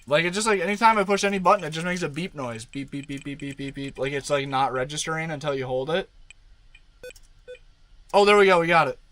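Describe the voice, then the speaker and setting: Chatty man streaming, slightly high voice. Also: fast, pauses often, a bit bright, low-quality recording. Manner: rambling, talks baby talk to his dog. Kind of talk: casual live stream chat.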